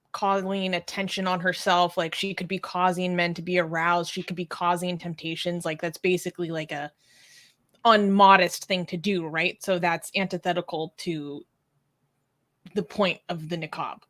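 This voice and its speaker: A woman's voice: on the low side, flat delivery, normal speed, fairly bright tone. A woman co-hosting a casual live-stream chat, talking with many fillers and reading viewer comments aloud. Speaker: co-host.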